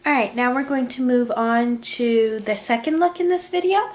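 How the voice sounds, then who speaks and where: Woman beauty vlogger, slightly raised pitch, casual step-by-step tutorial chat, roomy echo. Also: moderate pace. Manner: chatty, talks through each step while applying makeup. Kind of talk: casual makeup tutorial narration. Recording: echoey room.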